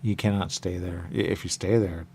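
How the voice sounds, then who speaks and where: Gravelly low-voiced man rambling on air. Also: steady tone, normal speed, darkish tone, a little hiss or hum. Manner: repetitive, circling musings with chuckles. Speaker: radio show host. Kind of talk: rambling monologue.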